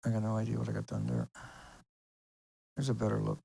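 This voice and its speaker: A man's voice: fairly low pitch, completely flat delivery, brisk, vocal fry, warm tone, husky, no echo. A man hosting his own video, talking casually and insistently over pictures on screen, asking rhetorical questions as he rambles. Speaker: video host.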